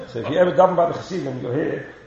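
A man's voice: fairly high pitch, rapid-fire, vocal fry, crowd noise. A man teaching a Torah class, questioning his students and chanting the Hebrew texts he quotes. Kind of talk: lively classroom Talmud lesson. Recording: roomy, dull lo-fi class recording with faint hiss.

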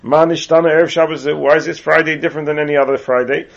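Reading Hebrew and then explaining it in English, with asides, an Englishman delivers a Torah lesson as a Talmudic lecture. He talks fast in a fairly high, gravelly voice with fairly even intonation. The recording is muffled and lo-fi.

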